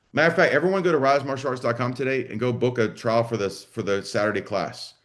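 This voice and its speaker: Blunt, energetic male business coach. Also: medium pitch, fast, few pauses. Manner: blunt, salty, energetic, acts out dialogue. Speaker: business coach for martial arts school owners. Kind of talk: live online coaching session.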